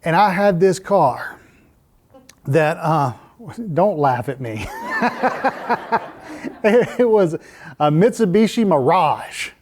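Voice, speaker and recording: A pastor preaching a sermon in a church, telling a story in an animated way and laughing at himself. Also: male voice, on the high side, slow, pauses often. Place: church sanctuary.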